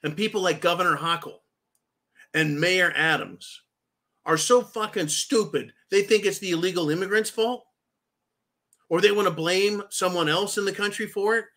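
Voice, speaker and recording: A man's voice: high voice, moderate pace, pushed and bright. A man hosting a political commentary show, delivering a vehement, profane rant that keeps turning to address his audience as "folks".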